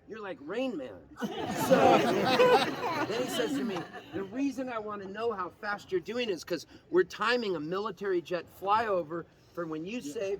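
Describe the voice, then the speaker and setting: Man, high voice, rambling laughing storyteller doing voices, live outdoors with a noisy crowd. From Canada. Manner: rambling, laughing, acts out other people's voices. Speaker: singer-songwriter telling a story. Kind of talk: animated onstage storytelling. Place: outdoor campfire jam at a music festival. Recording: noisy crowd, loud festival ambience.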